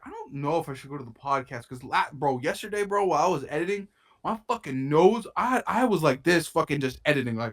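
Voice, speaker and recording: Animated young man telling a story. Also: a little high. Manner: animated storytelling, lots of swearing and slang. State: stuffy nose from a cold. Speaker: podcast co-host. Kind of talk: casual chat.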